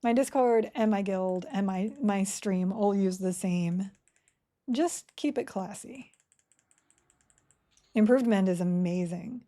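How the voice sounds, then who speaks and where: Warm and mid-range, a woman speaks slowly while playing a game on a live stream. Her talk is casual and upbeat, and she responds to questions coming in from chat.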